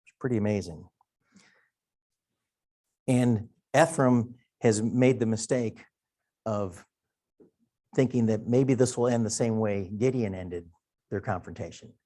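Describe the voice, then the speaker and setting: A mellow, lowish male voice moves at a measured pace with frequent pauses during a Sunday school Bible lesson. The speaker, a middle-aged Wisconsin man, is folksy and conversational, thinking as he talks.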